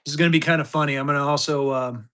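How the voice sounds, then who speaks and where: Casting: fifty-something man, live auction seller, rambling and chatty, slightly high voice. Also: steady tone, rapid-fire, background noise. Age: 50s. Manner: rambling, chatty, with many restarts and fillers. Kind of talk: casual live-stream chat.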